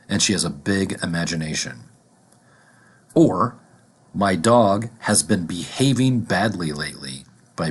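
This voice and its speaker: A man teaching a vocabulary lesson, deliberately repeating each word and its examples. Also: low-pitched, husky.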